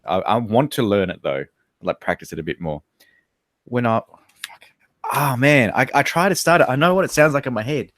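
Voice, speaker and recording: A man's voice: mid-range voice, animated, normal speed, pauses often, a bit bright, no echo, studio quality. An Australian man chatting casually on a livestream as a guest, joking and swearing freely.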